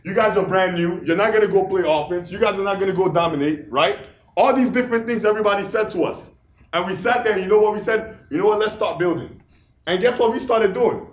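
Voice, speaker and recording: A man with a high voice gives a motivational speech in an echoey meeting room. He keeps firing rhetorical questions at the crowd and repeats key lines for emphasis. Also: fast talker. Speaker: office leader giving a motivational talk.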